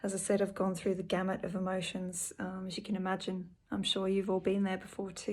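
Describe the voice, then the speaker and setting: A woman giving a personal video update from her home, speaking softly and earnestly with lots of fillers. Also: medium pitch, completely flat delivery, fairly quick, hardly any pauses. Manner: soft, earnest and emotional, with frequent fillers. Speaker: vlogger.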